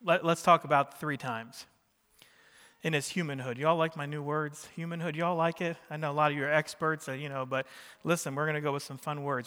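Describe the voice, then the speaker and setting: A man's voice: on the high side, steady tone, fairly quick, bright, forceful tone, smooth, in a large hall. A man preaching a sermon in a church, talking casually with the congregation and joking with them as he goes. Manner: conversational preaching with jokes and questions to the congregation. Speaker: pastor.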